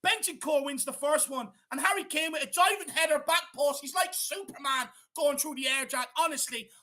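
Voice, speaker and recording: High, bright-voiced excitable Irish man. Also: a little fast. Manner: excitable, laughs often, swears. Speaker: watch-along co-host. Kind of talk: excited football watch-along chat.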